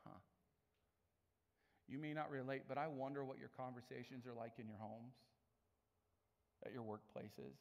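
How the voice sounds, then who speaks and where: A pastor preaches a sermon in a chatty, storytelling style, acting out the people in his tales with animated quoted voices. His voice sits at a medium pitch and moves at a normal speed with frequent pauses. The lo-fi recording carries the long reverb of a large hall.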